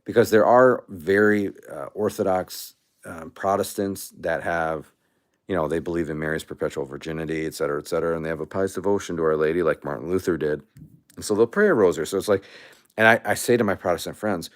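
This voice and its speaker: A man's voice: low voice, quick pace. A man hosting a casual livestream, out of breath and rambling with many restarts. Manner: rambling, animated, restarts often. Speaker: livestream host.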